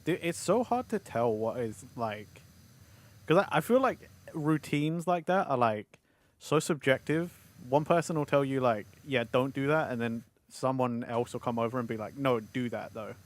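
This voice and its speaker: A male guest streamer chats casually in a relaxed, easygoing way. He pokes fun at himself and speaks in an even, middle-pitched voice. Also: normal speed. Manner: easygoing and self-deprecating. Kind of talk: casual chat.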